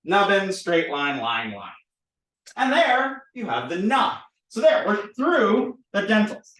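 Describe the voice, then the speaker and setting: A man's voice: high voice, takes it slowly, recorded from a distance. A man teaching a recorded lesson on drawing letters, playful and drilling sounds over and over. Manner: playful, repetitive drilling, animated. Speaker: language teacher. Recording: roomy, a bit off-mic.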